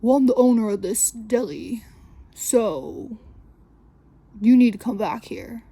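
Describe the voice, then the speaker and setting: Woman voicing a leering fiftyish deli guy, husky, dark, pushy. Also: fairly high pitch, expressive, slow, no echo, exaggerated voice. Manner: insistent, prying. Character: pushy leering middle-aged male deli owner. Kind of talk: comedic retelling in a podcast.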